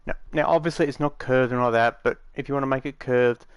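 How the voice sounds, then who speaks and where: A man's voice: mid-range voice, fairly even intonation, fast, clean tone, no room sound. A man giving a casual, rambling tutorial, matter-of-fact and full of fillers, recorded dry on a close mic. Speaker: game tutorial maker.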